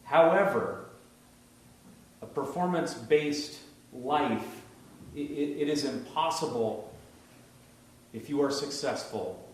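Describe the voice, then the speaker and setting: A man's voice: medium pitch, takes it slowly, pauses often. Reflective man in an echoey room. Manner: reflective, searching storyteller. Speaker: church leader in discussion. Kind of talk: casual discussion. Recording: echoey room, distant mic, faint noise.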